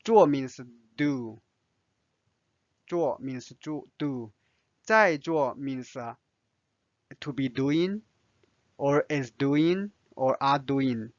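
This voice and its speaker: Chinese-native man teaching a lesson, very slow and patient, dry dull sound. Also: mid-range voice, lively intonation, no echo. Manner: slow, careful explanations with many fillers. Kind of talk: language lesson.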